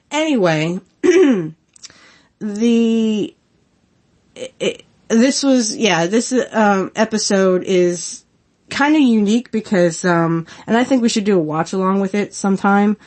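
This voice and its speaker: A woman's voice: mid-range voice, slow pace, long pauses, darkish tone. A woman in her thirties hosting a podcast, chatting casually on her own with lots of giggles and filler words. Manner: giggly, rambling, many fillers. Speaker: podcast host. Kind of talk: casual solo commentary.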